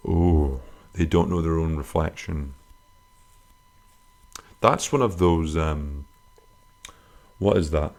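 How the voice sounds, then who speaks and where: Deep-voiced man rambling crudely. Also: slow pace, gravelly, pauses often, a little mellow. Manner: rambling, crude, self-mocking humor with sudden high-pitched jokey swings. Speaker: podcast host answering listener questions. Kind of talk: casual comic podcast monologue.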